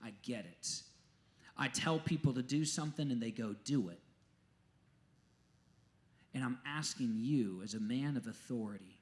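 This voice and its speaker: A man voicing an anxious, humble Roman military officer who speaks in a low, earnest, hushed plea. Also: close to an everyday voice.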